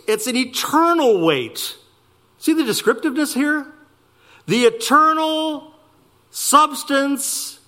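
A man preaching a sermon, slowing down to stress key words and speeding through asides. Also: high voice. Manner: animated preaching, slowing for emphasis and rushing asides. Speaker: pastor.

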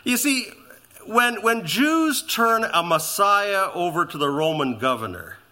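Male pastor, sermon, lively swooping pitch, bright forceful tone, hushed on reverent lines. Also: measured pace. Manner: animated and emphatic, dropping to hushed tones on reverent lines.

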